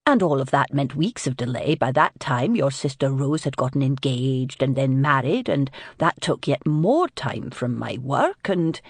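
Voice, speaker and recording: A woman's voice: very deep voice, expressive, a little slow, few pauses, no echo, studio quality, voice pushed down, full character voice. A woman narrator voicing a flustered, apologetic older father with white hair who rambles sheepishly and defensively.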